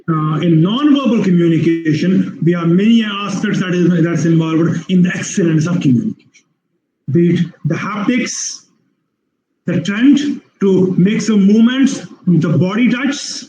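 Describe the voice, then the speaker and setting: Indian English man, high pitched, lecturing by video call, roomy muffled sound. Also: dark tone, a little hiss or hum. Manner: repetitive, explanatory, many fillers and restarts. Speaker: university lecturer. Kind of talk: online webinar lecture.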